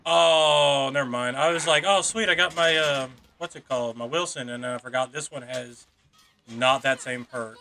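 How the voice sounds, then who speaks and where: A man with a bright, ringing voice talks through a multiplayer match as he records. He gets excited fast, swears when things go wrong and laughs easily. He speaks into a microphone on a stand. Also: medium pitch, vocal fry, slight background noise. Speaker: gamer recording content. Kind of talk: casual gaming chat.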